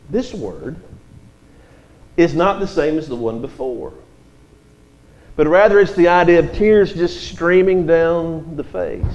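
A man's voice: fairly high pitch, darkish tone, poor audio. A man preaching an expository sermon, reading scripture verses aloud and explaining them.

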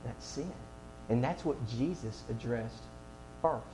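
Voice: medium pitch, slow pace, over music, low-quality recording. A preacher delivering a sermon to a room, asking the audience many rhetorical questions.

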